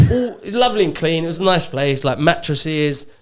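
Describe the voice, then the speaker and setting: A man, a podcast guest telling a story in casual chat, animated and acting out what people said. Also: fairly high pitch, normal speed. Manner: animated storyteller, acts out quotes.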